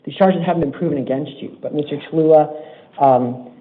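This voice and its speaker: Brief: higher-pitched male judge, stern and deliberate, formal courtroom delivery, phone-thin audio. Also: narrow, tinny audio.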